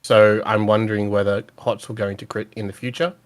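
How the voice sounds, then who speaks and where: A man's voice: fairly low pitch, level tone, a little fast. A man talking as a guest on a casual gaming podcast, teasing the host and then analysing changes in an upbeat way.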